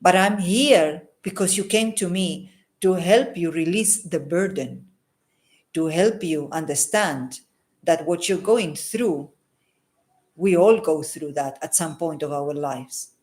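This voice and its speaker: Earnest low-voiced woman healer. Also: slow pace, a little mellow. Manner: earnest, repeats phrases for emphasis, adds a questioning "hmm?". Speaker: holistic healer and psychic. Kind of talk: unscripted advice monologue to camera.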